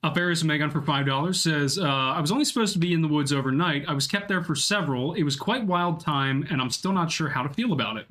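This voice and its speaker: A man's voice: on the high side, quick pace, few pauses, fairly bright tone. Laid-back male podcast co-host. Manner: laid-back, brief reactions. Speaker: podcast co-host reading donations. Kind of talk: casual chat.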